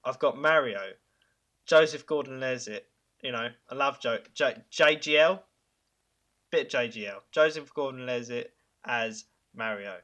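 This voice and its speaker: A man hosting a casual podcast, pitching ideas with enthusiasm. His tone is bright and forward, with many halting fillers and chuckles. His pitch sits in a middle range. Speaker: podcast host.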